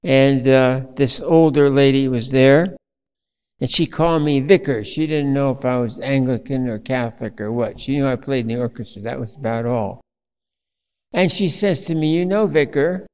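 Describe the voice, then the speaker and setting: A man preaching a sermon as a priest, telling a story slowly with fillers and restarts. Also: medium pitch, a little mellow, clean tone, long reverb tail.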